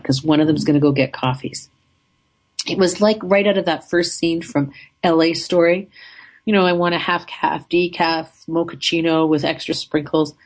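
A woman casually telling a travel story in an upbeat, chatty way, her throat a little rough. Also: low voice, a little mellow.

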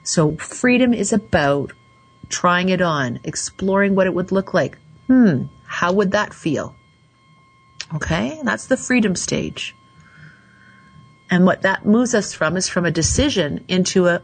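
A woman hosting a call-in radio show, slowly and soothingly guiding listeners through affirmations. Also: lowish voice, expressive, slightly rough, low-quality recording. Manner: slow, soothing, guides affirmations. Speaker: radio show host and coach.

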